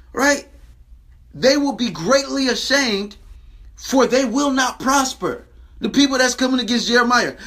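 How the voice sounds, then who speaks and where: A man preaching a Bible lesson to camera in his daily video, stressing scripture lines slowly and checking in with "right?". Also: very high voice, pushed and bright. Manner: emphatic, repeats phrases and asks "right?".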